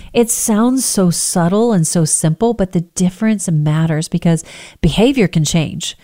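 A woman who works in healthcare, giving calm, earnest, emphatic advice to parents. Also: mid-range voice, normal speed.

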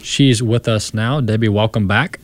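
A man's voice: on the low side, fairly even intonation, normal speed, no echo. A man hosting a talk radio show, speaking in a conversational way with some fillers. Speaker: radio host.

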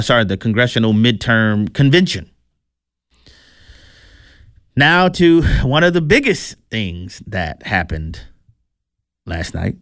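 A man's voice: mid-range voice, fairly bright tone, dry recording, studio quality. A man hosting opinionated political commentary in a chatty, wry way, sometimes tripping over words.

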